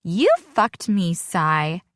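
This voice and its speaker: A woman's voice: on the low side, drawn-out words, fairly bright tone, no room sound, studio quality. A woman voicing a catty young woman who talks in a fake whiny voice. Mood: snide. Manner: whiny, mocking.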